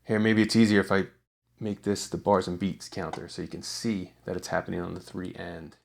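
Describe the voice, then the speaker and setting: A man with a somewhat low voice teaches songwriting in a casual video tutorial. He explains at an easy, relaxed pace. He often pauses on fillers and restarts his sentences as he goes. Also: vocal fry.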